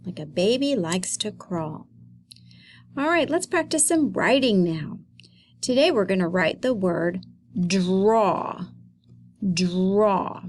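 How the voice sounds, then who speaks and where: Woman teacher, phonics video for kids; slow, patient, encouraging, close mic. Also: mid-range voice, animated, slight background noise. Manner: slow, encouraging, sounds words out for young kids. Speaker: elementary school teacher. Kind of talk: recorded phonics lesson for children.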